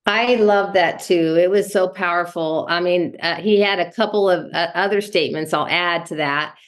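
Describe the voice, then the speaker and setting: A woman's voice: on the low side, normal speed. A woman sharing thoughts in a team meeting, chatty and rambling, with many fillers. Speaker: meeting participant. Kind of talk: casual chat.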